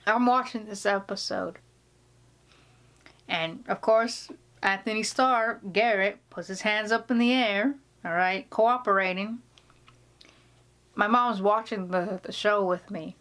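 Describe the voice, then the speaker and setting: A woman's voice: medium pitch, slow, pauses often, a bit bright. A woman vlogger chatting casually indoors, telling a story with laughs and many restarts. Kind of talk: casual chat. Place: indoor room.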